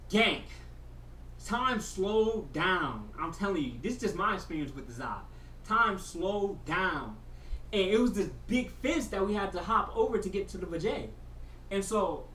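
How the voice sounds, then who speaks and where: A vlogger telling a story in slangy casual chat, saying "bro" a lot, moving between mumbled asides and loud excited bursts. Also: mid-range voice, distant mic. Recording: echoey room, voice from off the mic, faint hiss.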